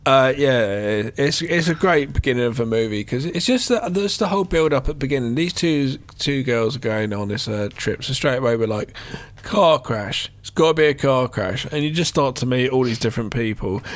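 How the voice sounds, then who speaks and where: A middle-aged man co-hosting a casual film podcast, animated and quick to swear. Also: mid-range voice. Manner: animated, swears freely, jumps into impressions of characters. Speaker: podcast co-host.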